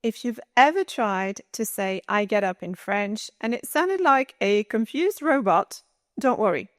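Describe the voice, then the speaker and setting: A woman teaching a language lesson in an upbeat, coaching tone, speaking slowly and clearly. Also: mid-range voice, expressive, dry recording, studio quality. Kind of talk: scripted lesson narration.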